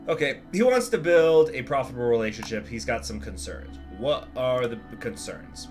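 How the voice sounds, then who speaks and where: A man casually commenting over his gameplay, thinking aloud and tossing in wry jokes. His voice sits at an average pitch, relaxed and conversational, with the easy flow of a regular game channel host. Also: moderate pace, hardly any pauses, music in the background. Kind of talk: casual let's-play commentary.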